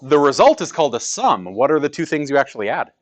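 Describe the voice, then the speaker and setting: A man's voice: on the high side, big pitch swings, fast. A male math teacher teaching a class in a classroom, joking with students and asking rhetorical questions.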